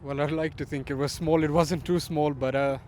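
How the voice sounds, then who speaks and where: A man with a fairly high voice, answering questions in an easygoing, upbeat way. He speaks as a rally driver. Faint noise from outdoors sits behind him. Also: fairly even intonation, brisk, darkish tone. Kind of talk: casual interview answers.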